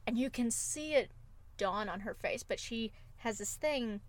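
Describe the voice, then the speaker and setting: A woman's voice: a little high, measured pace. A woman co-hosting a podcast, retelling film scenes with emotive enthusiasm in casual chat. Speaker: podcast co-host.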